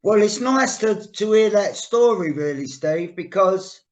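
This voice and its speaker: A man's voice: high voice, animated, a little slow, muffled recording. A man with a London accent hosting a podcast in a casual, conversational way. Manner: conversational, filler-heavy. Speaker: podcast host, actor. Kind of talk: casual chat.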